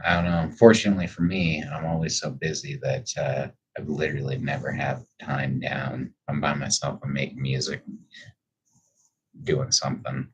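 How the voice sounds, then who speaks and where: Speaking from home, this livestreamer answers his chat in a casual, reflective way, rambling somewhat, being candid, and cursing a lot. His bass voice has a breathy edge, barely moves in pitch, and keeps a moderate pace.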